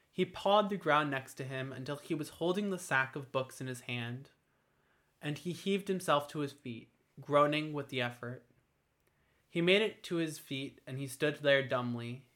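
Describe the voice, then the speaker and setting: A man reading a fantasy story aloud in a steady, measured storytelling manner. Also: mid-range voice. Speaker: narrator. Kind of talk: scripted fantasy narration.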